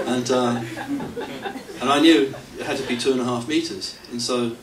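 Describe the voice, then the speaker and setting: A man's voice: mid-range voice, steady tone, normal speed, heavy background noise. Middle-aged man, rambling chuckling storyteller, distant mic, roomy hall. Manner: chuckling, rambling, self-mocking. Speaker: devotee telling stories at a temple anniversary. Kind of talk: anecdotal storytelling to an audience. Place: temple hall.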